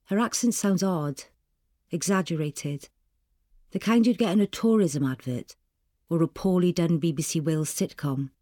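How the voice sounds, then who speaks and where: A woman reading a story aloud in a calm, measured way. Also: fairly low pitch, no echo, studio quality. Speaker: narrator.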